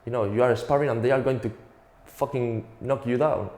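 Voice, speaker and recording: A man's voice: mid-range voice, steady tone, fairly quick, darkish tone, echoey room. Spanish-accented man doing stand-up. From Spain. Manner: profane, self-mocking storytelling. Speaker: stand-up comedian. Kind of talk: stand-up comedy routine.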